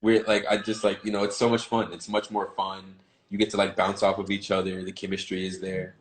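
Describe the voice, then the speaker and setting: A man's voice: low-pitched, monotone, fairly quick, slight background noise, low-quality recording. A man from the American South, a guest actor chatting casually and playfully on a live stream. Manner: laid-back, playful, lots of "like".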